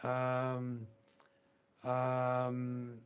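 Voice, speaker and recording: Slow, unhurried older Australian man. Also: medium pitch, completely flat delivery, very noisy. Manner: unhurried, answers each message personally, repeats words. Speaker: live-stream host. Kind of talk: live-stream chat, answering viewer messages.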